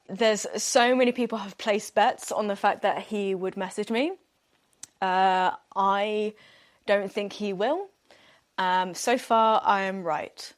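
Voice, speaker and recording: A woman's voice: mid-range voice, normal speed. Young woman podcasting, spilling a story, chatty and self-deprecating, laughs a lot. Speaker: podcast host. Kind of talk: candid storytelling monologue.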